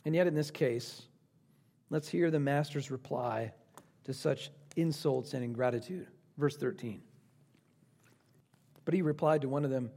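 A man preaching a sermon, swinging dramatically between lively and hushed delivery. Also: a little high, moderate pace, long pauses.

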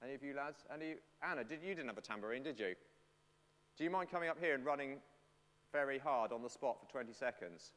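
A man's voice: medium pitch, fast talker, a bit bright. A man leading a playful, chatty sermon and talking with the congregation. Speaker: preacher. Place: church. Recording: long church reverb.

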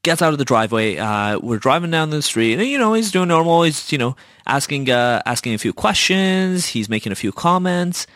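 A man's voice: fairly high pitch, lively intonation, normal speed, hardly any pauses, a bit bright, no room sound. A young man hosting a podcast, telling a casual, chatty story full of fillers and swearing. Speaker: podcast host.

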